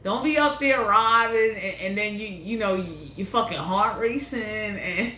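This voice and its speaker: A woman's voice: mid-range voice, a little slow, bright, forceful tone. A woman giving a blunt, profane tarot reading in a casual, ranting monologue. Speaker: tarot reader. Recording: echoey room, faint hiss.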